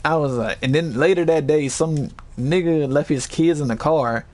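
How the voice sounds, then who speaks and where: A man casually telling a story to his chat, animated and swearing, acting out other people's voices with high yells. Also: normal speed, slight background noise.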